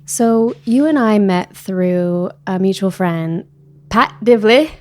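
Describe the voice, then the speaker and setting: A woman hosts a podcast with an upbeat, enthusiastic delivery and laughs easily. Her voice sits at a middle pitch. It is recorded close and dry, with no room echo. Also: slow pace, warm tone. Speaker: podcast host. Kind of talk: scripted intro and casual interview. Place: New York.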